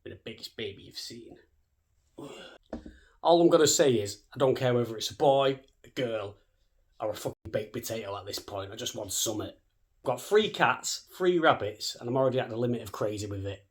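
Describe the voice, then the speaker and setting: A man, chatting straight to camera at a quick clip. He is cheeky and sweary, with a middle-range voice. He keeps a joking, casual tone throughout. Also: mid-range voice, lively intonation. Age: 30s. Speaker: vlogger.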